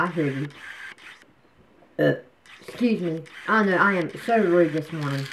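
A woman's voice: sits low, a bit bright, a little hiss or hum. Chatty woman vlogging at home. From North Carolina, USA. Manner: chatty, complaining, scolds her pet. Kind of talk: casual home vlog talk to camera.

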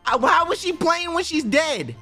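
A man giving casual, excitable gaming commentary, repeating himself and talking straight to viewers. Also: extremely high pitch, normal speed, soft background music. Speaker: gaming YouTuber.

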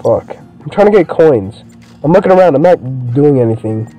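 A young man giving profane, excitable commentary while playing a video game. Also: fairly high pitch, normal speed, faint music behind, poor audio. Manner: profane, excitable, swears constantly. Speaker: gameplay streamer. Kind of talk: let's play commentary.

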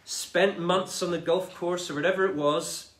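A man preaching a sermon in a conversational, animated way, retelling scripture in everyday speech. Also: sits high, normal speed, roomy sound. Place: church.

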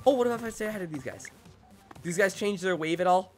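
A young man streaming a video game live, excitable and self-deprecating, talking to his chat as he plays. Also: sits high, fast, faint music behind. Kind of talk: live gameplay commentary.

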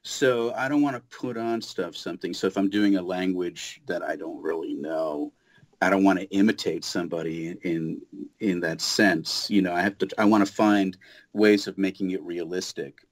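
A man with a fairly low voice talks through a relaxed podcast interview as a guest voice actor. He is thoughtful and animated, often restarting his sentences as he works out his point. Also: moderate pace. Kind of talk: casual interview chat.

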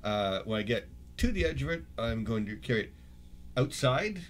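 A man playing a tabletop game, lively in tone, declaring his character's actions. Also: medium pitch, normal speed, slight background noise. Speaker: player.

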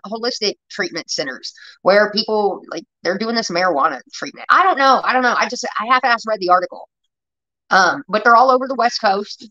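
A woman's voice: medium pitch, sharp tone, highs cut off. A woman hosting a casual livestream, blunt and heavily profane as she reacts to chat comments. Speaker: livestream host.

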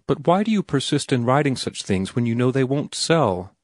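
A man's voice: mid-range voice, big pitch swings, normal speed, no room sound, clean studio sound, pitched above the performer's own voice. A man voicing a prim, reproachful young woman in an audiobook, earnest and disapproving in how she questions. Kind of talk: audiobook character reading.

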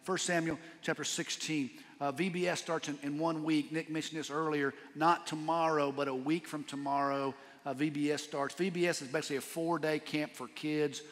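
A man's voice: a little high, steady tone, moderate pace, hardly any pauses, fairly bright tone. A man with a Texan accent preaching a sermon as pastor, casual and storytelling, dropping "man" and "dude" as he talks. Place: church sanctuary. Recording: reverberant church hall.

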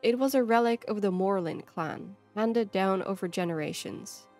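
A woman narrating a fantasy short story in a measured, expressive storytelling manner. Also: mid-range voice. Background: faint background music.

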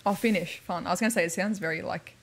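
A woman's voice: lowish voice, fast talker. A woman streaming a video game, chatting casually and playfully with lots of giggles. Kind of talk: casual livestream chat while playing a video game.

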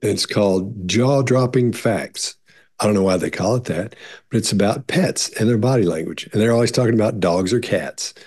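Husky low-voiced man explaining casually. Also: moderate pace, a little mellow. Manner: rambling, repeats words, many restarts and fillers; acts out quoted voices in higher pitch. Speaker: behavior analyst answering viewer questions.

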